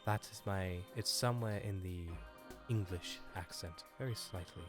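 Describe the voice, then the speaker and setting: A man streaming a game live, chatting excitably with viewers and stammering over his words. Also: low-pitched, measured pace, music in the background. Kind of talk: live gameplay stream chat.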